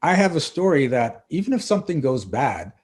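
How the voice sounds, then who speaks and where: A middle-aged man, a coach and author, guesting on a podcast and telling lively stories, acting out the dialogue. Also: on the high side, fairly quick, husky. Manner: animated storyteller acting out dialogue. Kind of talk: casual interview storytelling.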